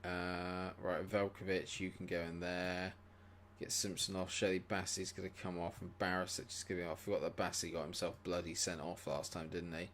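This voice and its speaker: A man streaming a football management game, muttering, then shouting and swearing at the match. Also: deep voice, flat delivery, fairly quick, slight background noise. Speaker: gaming streamer. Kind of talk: live gameplay commentary.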